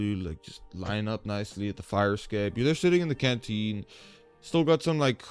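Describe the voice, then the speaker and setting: Low smooth-voiced male game master. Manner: animated, chatty, many fillers. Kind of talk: narrating a tabletop game.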